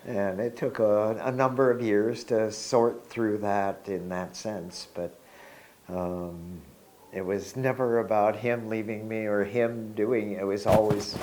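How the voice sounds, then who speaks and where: Low-voiced man in his sixties, reflective. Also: steady tone, slight background noise. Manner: unhurried, reflective, laughs softly. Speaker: devotee telling his story. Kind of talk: personal storytelling.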